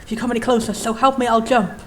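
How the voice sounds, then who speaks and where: A woman voicing a despairing man standing on a ledge, who speaks low, terse and withdrawn as she reads game dialogue. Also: level tone, fast, a little hiss or hum, lightly acted. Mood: grim.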